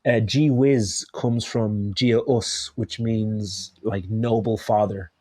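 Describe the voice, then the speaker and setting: A man's voice: lowish voice, fairly even intonation, slow pace, warm tone, no echo, studio quality. A man speaking as a chef guest in a casual interview, hesitant and often restarting his phrases.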